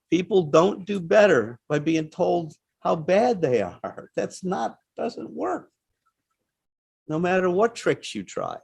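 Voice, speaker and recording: A man speaks to a seated audience in an emphatic, conversational lecture style, often checking in with "right?". His voice sits at a medium pitch. The sound is dry, with almost no room echo. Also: creaky, husky. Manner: plain-spoken and emphatic. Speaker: guest speaker on addiction recovery. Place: talk in front of a seated audience.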